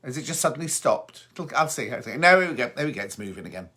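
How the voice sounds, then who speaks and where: Bright chatty man reading comments. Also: mid-range voice, big pitch swings, fast talker, husky. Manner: chatty, reads out comments and answers them. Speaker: host. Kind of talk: casual live-stream chat reading viewer comments. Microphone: phone.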